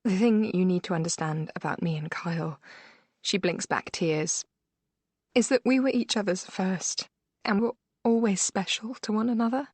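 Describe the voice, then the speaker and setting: A woman's voice: mid-range voice, moderate pace, a little mellow, slightly rough, dry recording, close to an everyday voice. A woman voicing a composed, confident young woman who talks in a breezy, friendly way. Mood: earnest.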